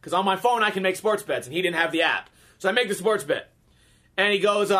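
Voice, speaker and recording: A man's voice: high voice, lively intonation, a little fast, sharp tone. A man in his thirties telling a comic story in a profane, exasperated rant.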